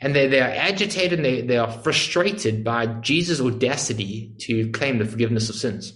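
A man's voice: medium pitch, normal speed, a bit bright. A male preacher giving an earnest sermon, explaining a passage and asking emphatic rhetorical questions. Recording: echoey room.

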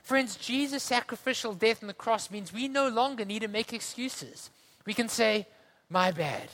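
A man from delivers a sermon. His voice sits high and rings bright, and he moves between earnest storytelling and easy conversational asides. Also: normal speed. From South Africa. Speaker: preacher.

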